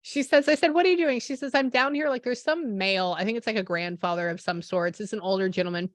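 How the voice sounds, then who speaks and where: A woman's voice: medium pitch, quick pace, no echo. Chatty woman medium acting out quotes. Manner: animated, acts out quoted dialogue, frequent "I go, she goes". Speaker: psychic medium. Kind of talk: relaying a spirit reading to a client.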